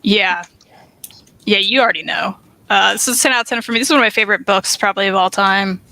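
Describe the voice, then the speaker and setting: A woman co-hosting a casual podcast, relaxed and enthusiastic, laughing softly. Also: medium pitch, quick pace, gravelly.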